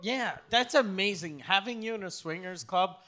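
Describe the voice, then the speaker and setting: Man, co-host, casual chat, probing questions, bright tone. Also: high-pitched, normal speed. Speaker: podcast co-host.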